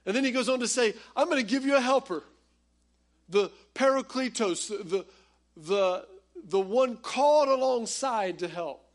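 A pastor preaching a conversational, animated sermon that speaks straight to his congregation. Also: very high voice, unhurried.

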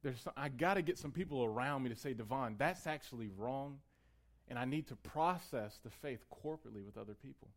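A man's voice: mid-range voice, a little fast. Conversational man preaching a sermon. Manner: conversational, building to emphatic peaks. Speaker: pastor.

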